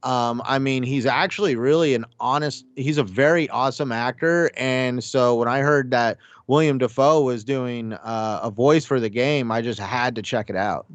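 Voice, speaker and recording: A man chatting excitedly on a gaming podcast, rambling with lots of fillers. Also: medium pitch, normal speed, hardly any pauses, dry recording. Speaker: podcast panelist. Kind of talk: casual chat.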